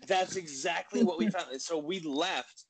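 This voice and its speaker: A man in casual podcast chat, excitable and quick to jump in, swearing as he goes. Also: fairly high pitch, rough recording.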